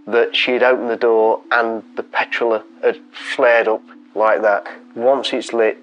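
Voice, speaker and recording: A man with a mid-range voice explains fire forensics in a plain, technical way. A soft music bed hums faintly behind him. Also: mid-range voice, low-quality recording. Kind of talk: documentary interview.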